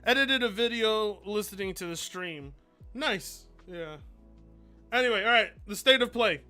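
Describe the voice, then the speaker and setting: Bright, high-voiced male streamer. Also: animated, measured pace, faint music behind. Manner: rambling, swears freely, reads donations aloud. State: mellowed out. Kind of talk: casual livestream chat.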